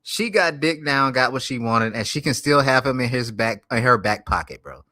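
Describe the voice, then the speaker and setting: A man's voice: mid-range voice, animated, moderate pace, sharp tone, no echo. A man streaming, reacting to a video with profane, incredulous commentary and repeated "bro". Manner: incredulous, swears heavily, says "bro".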